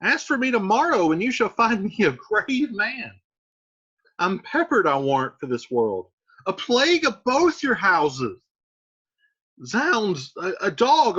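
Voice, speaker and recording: Man reading a wounded young duelist, bitter and mocking; bright, husky, pitched up. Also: dull audio, full character voice. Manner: sarcastic, cursing, raised and strained.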